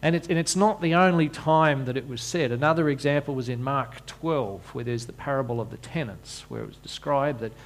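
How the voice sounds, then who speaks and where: A man's voice: mid-range voice, fairly quick, few pauses, a little hiss or hum. A man preaching a sermon, often repeating words as he restarts and slipping in wry asides.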